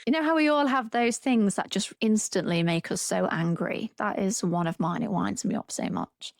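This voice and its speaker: Woman therapist on a podcast, mid-pitch voice, musing and ranting a bit, dry close sound. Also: moderate pace, gravelly, no room sound. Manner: reflective, gets wound up venting about pet peeves. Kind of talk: casual podcast chat.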